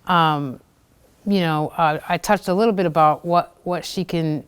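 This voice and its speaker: A woman in her thirties shares personal stories as host of a small local show. Her voice is smooth and clear, and she talks casually with plenty of "you know" and "like." She often acts out what others said. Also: fairly low pitch, unhurried. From United States. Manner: chatty, fillers and acted-out quotes. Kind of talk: personal storytelling talk.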